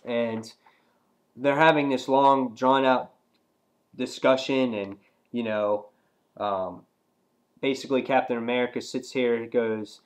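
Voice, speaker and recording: A man casually reviewing a comic book, rambling and filling pauses with "um" and "you know". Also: medium pitch, steady tone.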